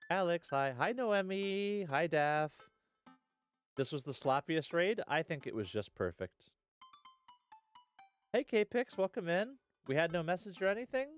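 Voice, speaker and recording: A man's voice: medium pitch, clear, resonant tone. A man streaming live, chatting casually and rambling with viewers, dropping lots of "uh" and "hell yeah".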